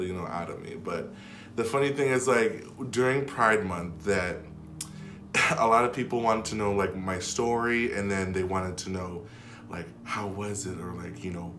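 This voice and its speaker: Rambling low-voiced man in an echoey room. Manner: rambling, filled with "like" and restarts; drops to a hush when retelling whispered moments. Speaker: vlogger. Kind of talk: casual storytelling to camera. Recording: echoey room with faint background music.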